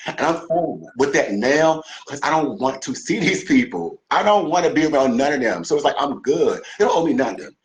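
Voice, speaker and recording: Casual interview guest: animated, cursing man from D.C., lively pitch. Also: normal speed, hardly any pauses, poor audio. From Washington D.C. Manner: animated, emphatic, profane, repeats words.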